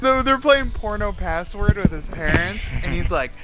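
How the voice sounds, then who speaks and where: Lively high-voiced man chatting excitedly. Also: normal speed, poor audio. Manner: animated, excitable storyteller. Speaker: tabletop game player. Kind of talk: casual chat. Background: music.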